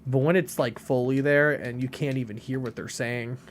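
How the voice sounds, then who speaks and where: A man's voice: mid-range voice, steady tone, normal speed, a little hiss or hum. A man streaming a game and chatting with his viewers in a rambling, casual way, full of filler words. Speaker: game streamer reading chat. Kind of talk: casual chat while playing.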